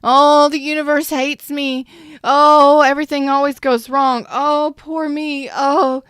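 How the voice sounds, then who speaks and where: A shrill, whining complainer moans in drawn-out cries, pitched far above the speaker's usual voice, as a woman mocks the type. The wails come loud and exaggerated, a plain send-up of self-pity. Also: flat delivery, no echo, clean studio sound. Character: whiny self-pitying complainer, mocked.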